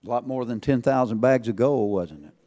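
A man preaching a sermon to a congregation, swinging between loud calls and hushed asides and asking rhetorical questions. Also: mid-range voice, fairly quick.

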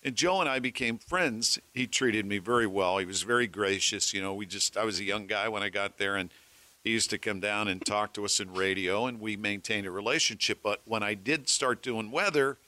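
A middle-aged man, a former weatherman and radio host, telling animated anecdotes among colleagues. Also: on the low side, fairly quick. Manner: animated anecdote-telling, acting out phone calls. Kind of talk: casual storytelling among colleagues.

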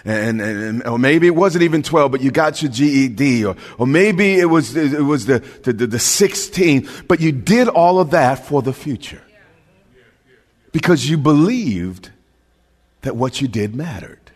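A male pastor preaching a sermon with passion, repeating words as he builds and sometimes shouting. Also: medium pitch, animated, unhurried. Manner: impassioned preaching with stammered restarts, rising to shouts. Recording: long hall reverb.

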